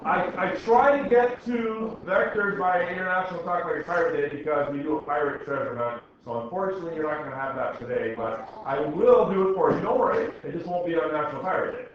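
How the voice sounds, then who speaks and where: A man's voice: a little high, a little fast, hardly any pauses. A middle-aged man teaching a science class, reading a text aloud and stopping to explain it, with dry jokes for the students. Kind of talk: classroom lecture. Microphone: recorder in the room. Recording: very echoey, dull classroom recording with faint noise.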